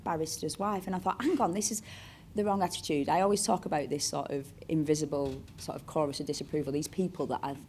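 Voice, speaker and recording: Talking fast in a low, slightly mellow voice with a little hiss or hum, this actress from Bolton, Northern England, tells digressive stories onstage in her Bolton accent. As an interview guest she acts out the voices of the people she quotes.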